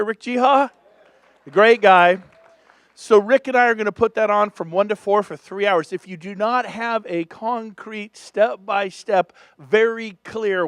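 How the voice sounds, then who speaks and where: A man in his fifties from California, giving a lively, joking motivational talk on stage to a seminar audience. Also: high-pitched, no room sound, studio quality. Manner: energetic, joking, revs up the crowd. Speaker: real estate speaker at a business seminar.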